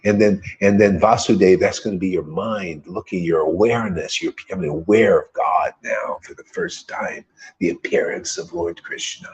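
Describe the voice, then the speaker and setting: A man's voice: low-pitched, normal speed, breathy edge. A man leading a devotional group, giving an informal spiritual talk full of emphatic repetition and rhetorical questions.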